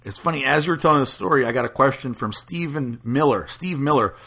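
A male talk-show host with a gravelly, bright voice and a relaxed, joking manner. His pitch sits in the middle for a man. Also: fairly quick. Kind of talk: casual radio talk.

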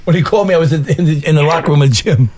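A man, a regular on a radio show, talking loudly and boisterously, shouting and repeating himself. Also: on the high side, rapid-fire. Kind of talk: loud radio show banter.

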